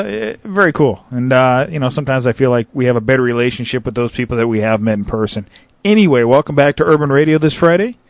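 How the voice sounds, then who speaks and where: A man's voice: medium pitch, darkish tone, dry recording. A man hosting a casual internet radio show from his apartment, joking and rambling with many fillers while he plays a shooter and calls the action. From Southern California. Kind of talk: casual live commentary while playing.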